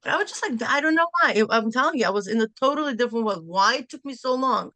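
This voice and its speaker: Animated woman sharing a story with class, quick bursts, dry close sound. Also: on the high side, dry recording. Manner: lively, laughing, bursts of rapid speech. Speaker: class participant. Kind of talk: casual storytelling.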